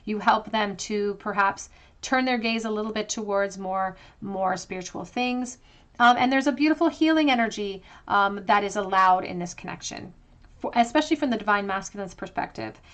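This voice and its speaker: A woman talks viewers through a tarot pick-a-card reading in a gentle, reassuring way. She thinks out loud as she turns the cards, with frequent ums, in a voice of ordinary middle pitch. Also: moderate pace. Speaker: tarot reader.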